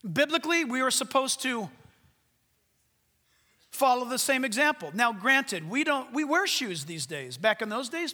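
A man preaches from a church stage in a high, bright voice, the words ringing out with a long reverb from the sanctuary. He tells stories with humor, dropping to hushed asides before rising into loud exhortation. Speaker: pastor. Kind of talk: sermon.

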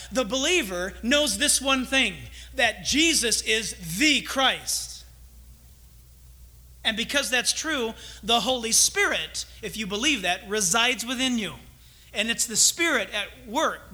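A man delivering a sermon in a very high, piercingly bright voice. He talks animatedly, acting out short imagined conversations between believers as he makes his points. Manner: animated, acts out little quoted exchanges. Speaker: pastor.

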